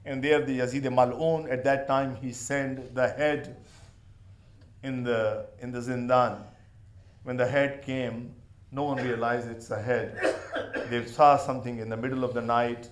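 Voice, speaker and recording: A man's voice: medium pitch, fairly even intonation, unhurried, roomy sound. A man delivering a mourning sermon, telling the story with passion. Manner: impassioned storytelling. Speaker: majlis speaker.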